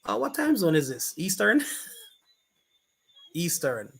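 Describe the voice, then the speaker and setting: A man's voice: high voice, very animated, slow, gravelly, fairly bright tone, slightly rough. A man with a Jamaican accent hosting a casual live stream, reading viewer comments aloud and greeting people by name.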